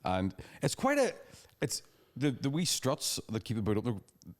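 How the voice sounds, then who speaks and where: A man's voice: mid-range voice, huge pitch swings. A man, telling rambling, sweary stories as a podcast co-host in casual chat. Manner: fast, sweary storytelling with laughing asides.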